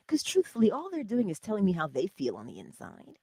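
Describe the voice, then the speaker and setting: A middle-aged woman hosting a spiritual self-help livestream, talking casually and animatedly, jumping from loud exclamations to whispers. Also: mid-range voice, wildly swooping pitch, a little fast, breathy edge, no room sound. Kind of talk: casual motivational talk.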